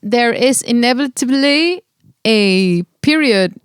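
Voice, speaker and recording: A woman's voice: a little high, animated, smooth, no echo, clean studio sound. A young adult woman co-hosting a podcast in casual chat, joking and stumbling over her words. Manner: joking, stammering restarts, quick asides. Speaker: podcast co-host.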